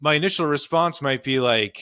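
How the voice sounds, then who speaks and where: A man's voice: a little high, brisk, bright, forceful tone, clear, resonant tone, dry recording, clean studio sound. A man, a marriage and family therapist, explaining in earnest conversational interview advice with frequent fillers. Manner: earnest, explanatory, many "you know" fillers.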